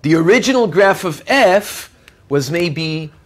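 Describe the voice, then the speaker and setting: Slow, lively-pitched male math lecturer. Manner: checks in with students often; explains step by step while drawing. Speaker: university lecturer.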